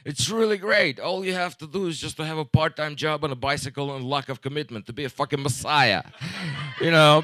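A man in his forties doing a stand-up comedy set, rambling and deadpan, with halting restarts and profanity. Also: a little high, dry recording. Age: 40s.

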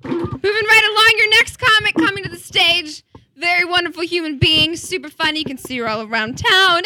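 A woman's voice: sits high, pushed and bright, no room sound. A woman introducing the next comic at a stand-up show, upbeat with some hesitant fillers. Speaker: comedy show host.

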